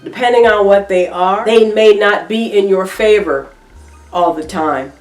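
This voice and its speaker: A woman's voice: mid-range voice, measured pace, darkish tone, far from the mic, faint music behind. A middle-aged woman giving emphatic, repetitive opinion commentary in a reaction vlog, with features. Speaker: reaction vlogger. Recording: echoey room, voice off-mic.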